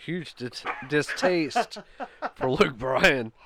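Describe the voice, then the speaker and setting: A man's voice: on the high side, lively intonation, drawn-out words, creaky, crowd noise. A man co-hosting a podcast, chiming in briefly and agreeably in casual chat.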